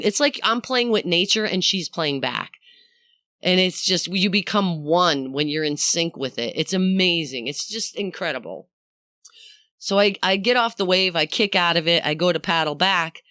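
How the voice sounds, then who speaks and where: A woman hosting a podcast, telling a story in a casual, animated way, swearing freely and talking straight to the listener. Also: sits low, clear, resonant tone, dry recording, clean studio sound. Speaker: podcast host.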